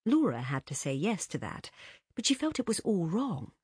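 A woman reading a literary story aloud as narrator in an expressive, measured way. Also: lowish voice, breathy edge, no room sound, studio quality. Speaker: audiobook narrator.

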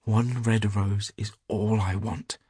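A man's voice: lowish voice, steady tone, slow, warm tone, breathy edge, dry recording, studio quality. A man reading the part of a tender, devoted female nightingale in a fairy tale, in an earnest, lyrical way. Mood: pleading.

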